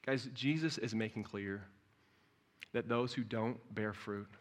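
A middle-aged man preaching a sermon as pastor, direct and blunt, swinging from quiet reflection to loud, impassioned peaks. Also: lowish voice, a little slow.

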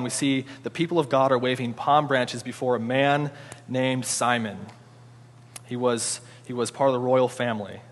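A man giving a conversational sermon, informal and animated, often restarting his sentences. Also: medium pitch. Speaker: preacher. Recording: long hall reverb.

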